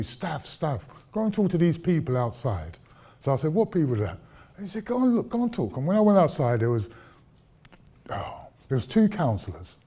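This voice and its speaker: Husky, mellow-voiced man lecturing. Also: medium pitch. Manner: conversational, recounting anecdotes with asides to the audience. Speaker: guest lecturer. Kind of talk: public lecture, storytelling.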